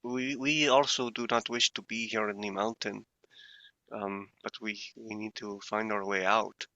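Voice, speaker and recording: A man's voice: on the low side, steady tone, measured pace, bright, forceful tone, dry recording, lo-fi sound. A man speaking in character during a tabletop game, formal and courteous but hesitant, with many fillers. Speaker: player. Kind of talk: in-character tabletop role-play.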